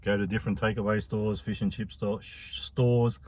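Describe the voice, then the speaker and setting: A man's voice: lowish voice, fairly even intonation, normal speed, a little mellow, a little hiss or hum. An Australian man chatting casually in a food review vlog, rambling and slangy.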